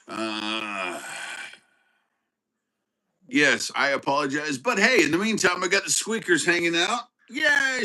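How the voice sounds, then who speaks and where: Male livestream host, chatty, halting delivery full of fillers, bright voice, unhurried but very animated. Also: mid-range voice, low-quality recording. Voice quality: halting, many fillers and restarts. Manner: chatty, greets viewers by name, bursts into excited shouts. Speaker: livestream host with his dog. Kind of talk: casual live-stream chat.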